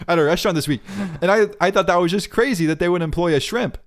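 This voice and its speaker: A man's voice: high voice, fast. A man in his twenties co-hosting a podcast, chatting casually and riffing on jokes with frequent laughs. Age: 20s. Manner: joking, rambling bits with frequent laughs. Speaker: podcast co-host. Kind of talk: casual chat.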